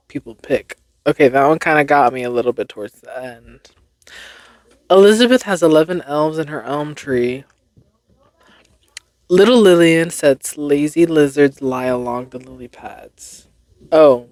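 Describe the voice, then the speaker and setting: Slow-talking playful young woman host. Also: low voice, darkish tone, no echo, clean studio sound. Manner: playful, laughs at her own stumbles. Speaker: podcast host. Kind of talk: casual solo chat, reading tongue twisters.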